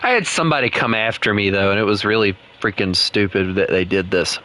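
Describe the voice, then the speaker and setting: A man's voice: on the low side, a little fast, sharp tone. A young man, chatting casually while streaming a game and rambling through his thoughts with many restarts. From United States. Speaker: gaming streamer. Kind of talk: casual gaming chat.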